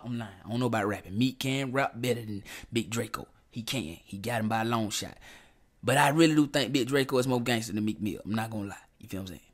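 Animated slangy man reacting on camera. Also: mid-range voice. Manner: animated, slangy, talks straight to viewers. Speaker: reaction video host. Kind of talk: casual reaction commentary.

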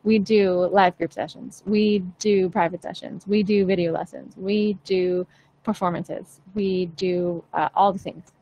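A woman's voice: fairly low pitch, steady tone, a little slow, dark tone, slight background noise, rough recording. A woman vocal coach chatting casually with viewers in a live Q&A, encouraging and full of fillers. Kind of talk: live-stream Q&A chat.

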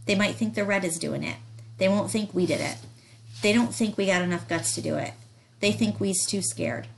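A woman reading the part of a calm, scheming young man who speaks slowly and dismissively in dialect. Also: medium pitch, gravelly, a little hiss or hum, natural voice, poor audio.

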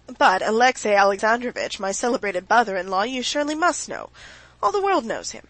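A woman's voice: fairly high pitch, big pitch swings, brisk, fairly bright tone, no room sound, low-quality recording. A woman reading the lines of a genial, sociable nobleman in an audiobook, in a hearty, teasing way.

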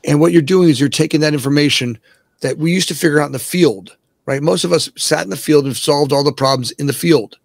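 Gravelly man talking with emphasis. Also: a little high, fairly quick, no echo. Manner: emphatic, keeps tagging "right?". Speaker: guest. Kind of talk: casual podcast interview.

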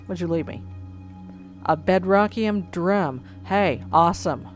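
Slow, low-voiced woman gamer. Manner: exasperated, swears then reins it in. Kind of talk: let's play commentary. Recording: music under the voice. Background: background music.

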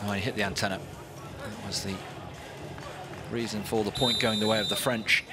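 A man's voice: lowish voice, normal speed, very noisy. A man giving live play-by-play commentary on a volleyball match, lifting his voice on big points. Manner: animated, rising with big points. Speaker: sports commentator.

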